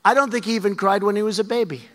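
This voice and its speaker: A man's voice: high voice, very fast, a bit bright, slight background noise. A man in his seventies giving a rambling, emphatic speech to a crowd, repeating his phrases. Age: 70s. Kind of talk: rally speech. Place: large hall with an audience. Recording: long hall reverb with faint crowd.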